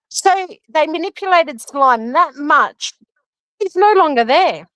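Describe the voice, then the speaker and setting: A woman's voice: high voice, expressive, takes it slowly, a bit bright, no echo, poor audio. A woman on a livestream giving heated, indignant commentary, accusing others and mocking what they said.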